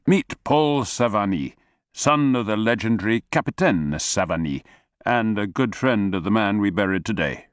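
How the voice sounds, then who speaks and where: A brisk, sociable older officer, as a male narrator reads him, lowish and hearty. The recording is dry and close. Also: lively intonation, clean tone, no echo, lightly acted.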